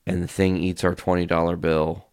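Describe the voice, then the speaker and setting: A man hosting a solo podcast, telling a long story in a profane, ranting, animated way. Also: sits low, normal speed, smooth, no room sound, clean studio sound. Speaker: podcast host.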